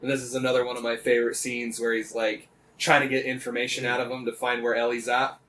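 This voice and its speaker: A man's voice: medium pitch, monotone, fast, a bit bright, slight background noise. Man animatedly retelling a story, swearing freely. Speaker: podcast co-host. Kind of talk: casual podcast chat.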